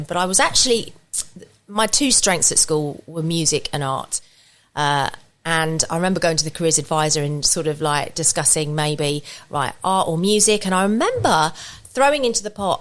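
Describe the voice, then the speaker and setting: A woman's voice: lowish voice, normal speed. A woman from England, a podcast guest, talking in a chatty, rambling storytelling way into a studio podcast mic. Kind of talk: casual podcast chat.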